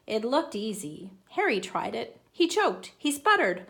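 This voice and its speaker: A woman reads a children's picture book aloud with playful, animated expression. Her voice sits a little high and swings widely in pitch. She keeps the pace slow and easy to follow. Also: vocal fry. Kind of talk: children's story read-aloud.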